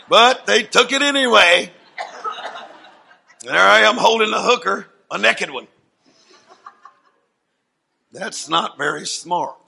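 A man preaching a sermon as a dramatic story, swinging from hushed asides to loud declarations. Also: high voice, expressive, takes it slowly, vocal fry, long pauses, slight background noise.

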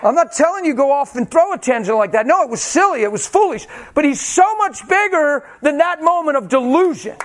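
A male preacher telling a personal story in a sermon, animated and self-mocking, acting out the quotes. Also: very high-pitched, brisk, hardly any pauses.

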